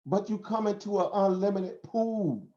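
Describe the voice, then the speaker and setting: A man with a Southern American accent, hosting a live stream in a slightly high, warm voice. He lectures in a preachy way, throws out rhetorical questions and laughs often. The sound is roomy and a little dull. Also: normal speed. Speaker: host. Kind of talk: casual live stream talk.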